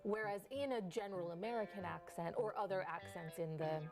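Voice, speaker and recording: A woman's voice: mid-range voice, fairly quick. A woman dialect coach explaining and demonstrating vowel sounds in a news interview. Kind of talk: interview clip. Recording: news clip with music under it.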